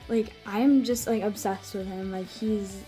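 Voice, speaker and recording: A woman's voice: mid-range voice, steady tone, unhurried, warm tone, faint music behind. A young woman telling a story in a casual vlog, gushing and using many "like"s. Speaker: vlogger.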